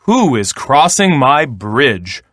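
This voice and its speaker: A man's voice: medium pitch, big pitch swings, slow pace, a bit bright, no room sound, studio quality, full character voice. A man voicing a mean, hungry troll who roars threats from under a bridge in a storybook read-aloud. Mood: roaring. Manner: roaring, threatening.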